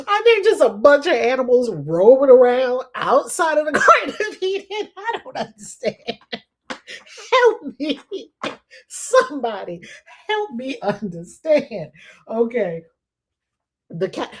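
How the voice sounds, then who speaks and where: A woman's voice: medium pitch, husky. A woman hosting casual commentary on scripture, laughing often and sounding incredulous. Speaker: host.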